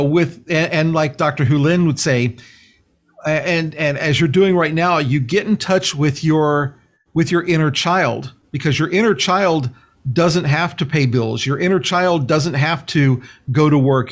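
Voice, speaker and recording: A man speaking as a guest, explaining a spiritual practice in a calm, slow, earnest way. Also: on the high side. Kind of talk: spiritual teaching in conversation.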